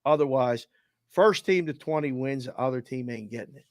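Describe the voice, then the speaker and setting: A man co-hosting a sports betting show who tells stories in an animated, profane way. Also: mid-range voice, moderate pace, no room sound, clean studio sound. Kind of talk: casual sports betting chat.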